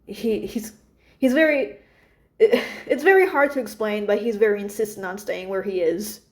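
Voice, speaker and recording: A woman's voice: mid-range voice, moderate pace. A woman casually retelling a story about her characters, rambling with many fillers and restarts.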